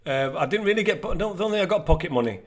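A man's voice: high-pitched, animated, rapid-fire. A man in casual chat, telling stories and laughing as he goes.

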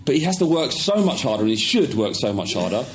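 A man's voice: mid-range voice, sing-song, quick pace, a little hiss or hum. A man co-hosting a football podcast in casual chat, blunt and opinionated with mock outrage. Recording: echoey room.

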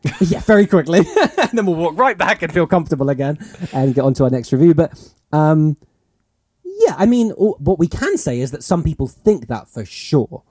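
A man's voice: on the high side, animated, normal speed, a little mellow, husky, no room sound. A man co-hosting a podcast in casual chat, rambling and musing with lots of fillers. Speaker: podcast co-host.

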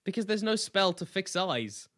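Lively high-voiced man, laughing podcast chat. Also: moderate pace. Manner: laughing, swearing, acts out quoted lines. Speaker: podcast co-host. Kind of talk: casual chat.

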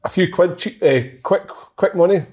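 A man co-hosting a casual chat, relaxed and chatty, with some swearing. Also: high-pitched, normal speed, breathy edge.

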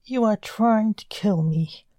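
A woman voicing a surly, sarcastic grown son who snaps back at his father, in a mellow voice. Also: medium pitch, takes it slowly, no room sound, clean studio sound, lightly acted.

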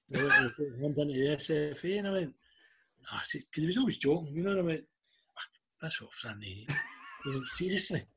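A middle-aged Scottish guest tells a story in casual chat, his medium-pitched voice slightly rough. His anecdotes are animated, with quoted voices acted out.

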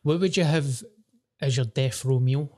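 Scottish bloke, swears, takes the piss out of himself, chill chat. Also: male voice, mid-range voice, unhurried, darkish tone. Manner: self-mocking, sweary. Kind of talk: casual chat.

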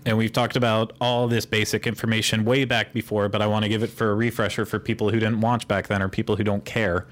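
A man's voice: on the low side, little pitch movement, fast, hardly any pauses. A man with a Pittsburgh accent hosting a podcast, explaining in a rambling, digressive way in casual chat. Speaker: podcast host.

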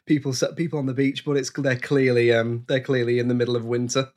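A man's voice: mid-range voice, little pitch movement, fast talker, darkish tone. A man co-hosting a podcast, chatting in a playful, jokey and rambling way. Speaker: podcast co-host. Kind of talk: casual podcast chat.

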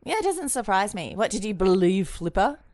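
A woman from Australia co-hosting a podcast, trading crude deadpan jokes in casual chat. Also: medium pitch, brisk, dry recording, clean studio sound. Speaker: podcast co-host.

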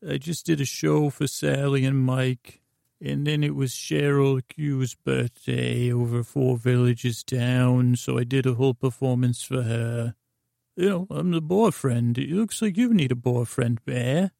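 A man's voice: mid-range voice, measured pace, creaky, dry recording, studio quality. A man voicing a bumbling, chatty old male traveling storyteller who rambles and keeps interrupting himself. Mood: excitable. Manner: rambling, excitable, self-interrupting.

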